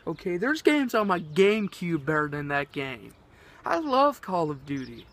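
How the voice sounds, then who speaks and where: High-voiced ranting teenage boy. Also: sing-song, moderate pace, a bit bright. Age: teens. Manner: rambling, exasperated, swears often. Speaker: vlogger. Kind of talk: ranting vlog.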